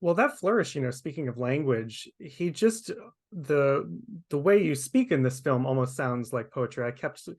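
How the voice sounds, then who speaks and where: A man's voice: medium pitch, expressive, normal speed, darkish tone. A man hosting a webchat interview over a video call, asking curious, conversational questions. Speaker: interview host.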